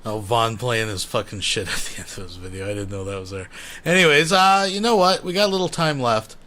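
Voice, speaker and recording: A man's voice: medium pitch, a little fast, sharp tone. A man hosting a commentary show, talking offhand to his viewers while he pulls up clips. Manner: offhand, mutters while browsing. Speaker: commentary channel host. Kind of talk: casual reaction commentary.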